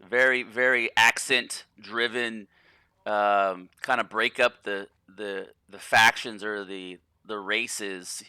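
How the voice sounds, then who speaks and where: Man, gameplay commentary, rambling, profane, restarts words, very bright tone, dry close sound. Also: fairly low pitch, steady tone, takes it slowly, clean tone, no echo. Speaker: gaming channel host.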